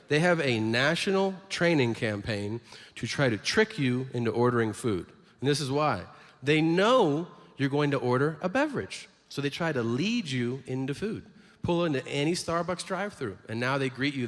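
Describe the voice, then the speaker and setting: A man's voice: mid-range voice, animated, moderate pace. A man performing stand-up with a matter-of-fact storytelling delivery. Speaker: stand-up comedian. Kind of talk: stand-up routine. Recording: live hall reverb, faint audience noise.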